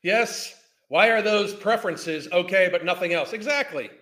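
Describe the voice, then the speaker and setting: A man's voice: high voice, moderate pace, bright, forceful tone. A man, ranting in a heated, profane, scornful way as a podcast host. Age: 50s. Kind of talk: ranting commentary.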